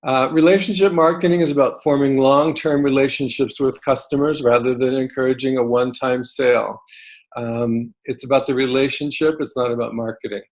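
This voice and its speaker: Male realtor at a medium pitch, presenting in a halting way with frequent fillers. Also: fairly even intonation. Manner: hesitant, frequent ums and restarts. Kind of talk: presentation talk.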